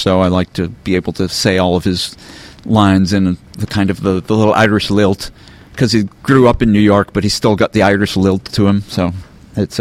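A man hosting a podcast panel, chatting casually and rambling with many ums and restarts. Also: low voice. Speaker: podcast host.

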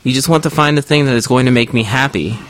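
A man's voice: medium pitch, quick pace, fairly bright tone, close to an everyday voice. A man voicing a frustrated adult male rabbit who is breaking up with his partner, speaking bluntly and with exasperation.

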